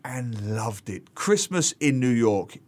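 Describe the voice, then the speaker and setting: A man who is a regular contributor, columnist, and author shares humorous travel anecdotes in a lively manner on a radio show. He speaks slowly in a mid-range voice.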